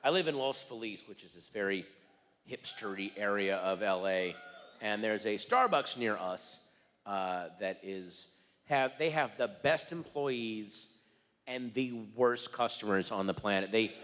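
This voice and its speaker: A man doing stand-up comedy in a theater, telling a story in rapid, exasperated bursts that build into shouts. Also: fairly low pitch. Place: large theater stage. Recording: reverberant theater with faint room noise.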